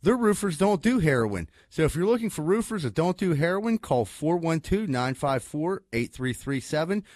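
Man, podcast host, slightly high voice, dry sound, profane storyteller. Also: big pitch swings, normal speed, a little mellow, no echo. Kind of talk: casual podcast chat and ad reads.

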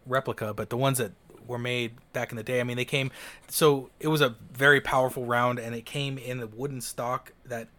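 A man's voice: medium pitch, fairly even intonation, fairly quick, pushed and bright. A man co-hosting a podcast, chatting casually and rambling with enthusiasm, swearing now and then. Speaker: podcast co-host. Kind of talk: casual chat.

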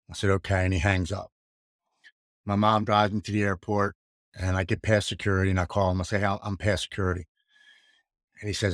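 A man's voice: low-pitched, flat delivery, a little fast, long pauses, no echo, studio quality. A man in his forties earnestly telling his own story of addiction and recovery in a casual talk. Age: 40s. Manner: earnest, emotional, matter-of-fact retelling.

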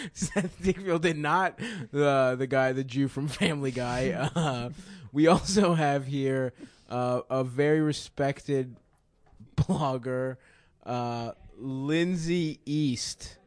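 A man's voice: mid-range voice, slow, dry recording. A man co-hosting a comedy podcast who laughs often and gives goofy mock-announcer intros. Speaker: podcast co-host. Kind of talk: casual comedic podcast chat.

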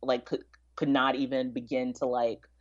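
Super low-pitched woman, chatty, lots of "like", kinda muffled audio. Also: level tone, moderate pace. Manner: chatty, with frequent "like" and restarts. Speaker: podcast guest. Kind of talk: casual interview chat.

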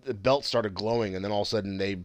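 A man's voice: fairly low pitch, fast, no echo. A man in casual, heavily profane chat, laughing as he reads out his notes. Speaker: podcast co-host.

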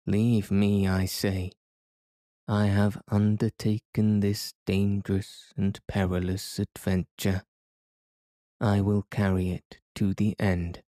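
A man's voice: low-pitched, warm tone, no room sound, clean studio sound. A man reading an audiobook, voicing a stubborn older male professor in an insistent, commanding way.

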